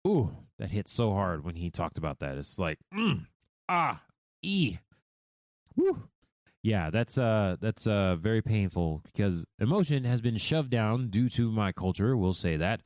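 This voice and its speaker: Candid, animated male podcast host. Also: fairly low pitch, moderate pace, no echo, studio quality. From United States. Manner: candid and self-reflective, with frequent restarts. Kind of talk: reflective solo podcast talk.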